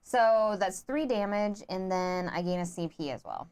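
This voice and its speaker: A woman co-hosting a board game playthrough in casual chat, excitable and quick to laugh, often calling out to the viewers. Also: mid-range voice, clear, resonant tone. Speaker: board game player and co-host.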